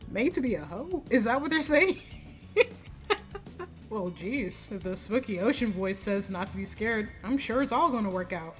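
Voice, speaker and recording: A woman gaming streamer chats playfully as she plays, tossing out quick jokes and laughing often. Her voice sits a bit high. Faint game music runs quietly underneath. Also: animated, slightly rough. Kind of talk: let's-play commentary.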